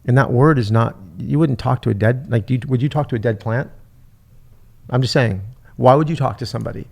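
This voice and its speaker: Casting: middle-aged male podcast host, gravelly, halting, emotional storyteller. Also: medium pitch. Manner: halting, repeats words, retells talks with his mother.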